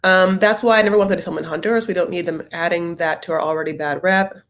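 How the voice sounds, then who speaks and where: A man's voice: high-pitched, steady tone, fast talker, a bit bright. A man recapping a reality show in a campy, chatty way, calling the viewer honey. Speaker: TV recap host. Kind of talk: casual recap commentary. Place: at home, sitting cross-legged.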